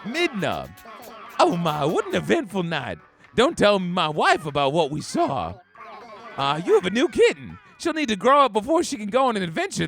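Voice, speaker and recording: A flamboyant, gossipy neighbor from a game, who swoops wildly up and down in a very high voice. He stretches his words out in a campy, theatrical way. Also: fairly bright tone, heavily acted. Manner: campy, theatrical, drawn-out delivery. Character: flamboyant gossipy male cat-town neighbor. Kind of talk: game character dialogue.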